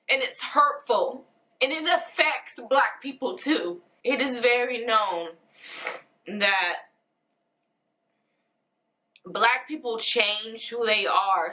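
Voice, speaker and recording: A young woman in a personal video monologue, tearful and earnest, pausing and restarting her sentences. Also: on the high side, bright, forceful tone, poor audio. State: crying, tearful. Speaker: vlogger.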